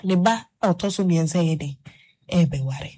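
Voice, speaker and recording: A woman's voice: lowish voice, measured pace, mellow, breathy edge. A Ghanaian woman hosting a radio talk show, telling a story at length and murmuring agreement while her co-host speaks. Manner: storytelling, with frequent affirming murmurs.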